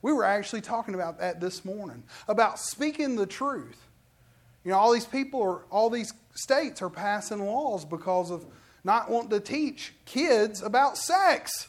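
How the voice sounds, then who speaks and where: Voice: mid-range voice, normal speed. Pastor, conversational sermon, quizzes the congregation, church sanctuary. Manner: conversational, animated preaching, questions the congregation.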